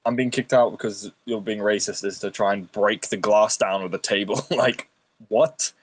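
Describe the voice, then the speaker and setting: A man's voice: on the low side, normal speed, slightly rough. A man, a guest on a stream, telling blunt, joking stories in casual chat and swearing freely.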